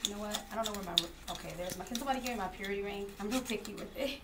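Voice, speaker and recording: A woman with an African American accent talks a group through a live tea demonstration, chatty and quick to laugh. She sounds a little off-mic, picked up from across the room. Dishes and cutlery clatter behind her. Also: mid-range voice. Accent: African American Vernacular English. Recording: distant mic with room noise.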